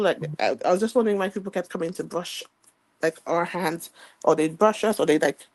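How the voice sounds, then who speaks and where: Female storyteller, husky and gravelly, reflective personal account. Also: lowish voice, a little mellow, dry recording, poor audio. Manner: reflective, reenacts childhood dialogue.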